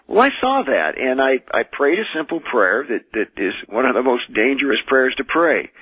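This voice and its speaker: An American minister and exorcist, a man, telling his experiences as a radio guest in an earnest, measured way, often restarting his sentences. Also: medium pitch, big pitch swings, slightly rough, no echo. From United States. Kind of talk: radio call-in interview, recounting experiences. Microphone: telephone. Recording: tinny phone line.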